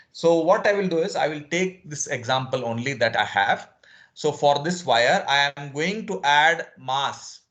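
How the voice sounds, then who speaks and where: A man's voice: on the high side, a bit bright. A male physics lecturer, teaching an online class and explaining each step over again with frequent "okay"s.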